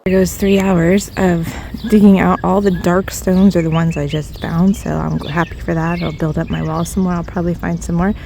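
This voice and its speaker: A woman's voice: on the low side, little pitch movement, normal speed, vocal fry, few pauses, mellow, slight background noise. A woman from Ohio chatting casually while she does heavy garden work outside, out of breath and laughing at herself now and then. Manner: chatty, self-deprecating, laughs often. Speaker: DIY garden vlogger. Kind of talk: casual vlog narration while working outdoors. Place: outdoor backyard garden.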